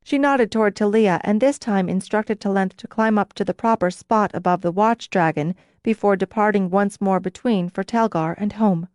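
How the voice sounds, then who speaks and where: A woman narrating a fantasy audiobook in a measured storytelling voice. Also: medium pitch, darkish tone, dry recording, clean studio sound.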